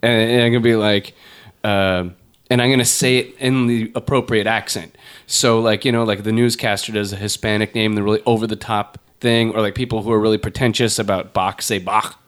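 A man's voice: fairly low pitch, flat delivery, a little fast, clear, resonant tone. Rambling, jokey male podcast host. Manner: rambling, jokey, lots of fillers. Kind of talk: casual chat.

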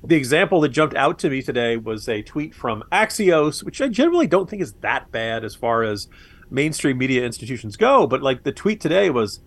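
A man's voice: medium pitch, a little fast. A man co-hosting a political podcast, talking casually and sarcastically with frequent laughs. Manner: animated, sarcastic, laughs often. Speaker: podcast co-host.

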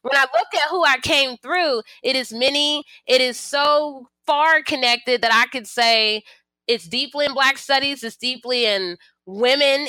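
Bright animated woman telling stories. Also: on the high side, no echo. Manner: animated storytelling, acts out quoted voices. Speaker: historian and author, interview guest. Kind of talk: conversational interview answers.

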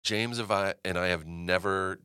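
A man's voice: low-pitched, fairly even intonation, normal speed, bright, forceful tone, clear, resonant tone. A man being interviewed as an actor, telling stories animatedly and swearing freely. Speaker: actor guest. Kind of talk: casual interview storytelling.

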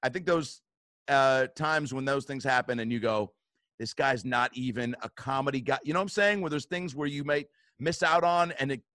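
Guy telling a story on a podcast, swears a lot, jumps into loud quotes, dry close mic. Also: on the high side, moderate pace, dry recording. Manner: animated, swearing, acts out quotes in bursts. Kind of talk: casual storytelling chat.

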